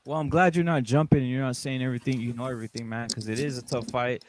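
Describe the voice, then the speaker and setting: A man hosting a casual podcast panel, greeting guests and talking in an animated way. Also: mid-range voice, quick pace, a little hiss or hum. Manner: animated, hypes and greets callers. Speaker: show host.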